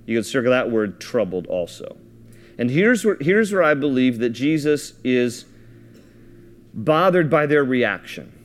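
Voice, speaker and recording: A man's voice: mid-range voice, lively intonation, a little slow. A man preaching a sermon, reading scripture aloud and explaining it in a casual, thinking-aloud way with frequent restarts. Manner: reads scripture aloud, then explains it conversationally; repeats and restarts words while thinking aloud. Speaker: pastor.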